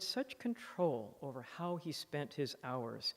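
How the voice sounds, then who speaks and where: A woman author giving a public lecture, reading from her book with expressive, animated emphasis at a podium microphone. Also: rumbling low, unhurried, creaky, hardly any pauses. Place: lecture hall in a library museum. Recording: long reverb of a lecture hall.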